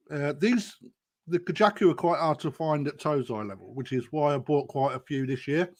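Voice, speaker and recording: A man hosting a live fish auction, chatting casually, bursting loud and then dropping to quiet asides. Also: mid-range voice. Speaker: auction host.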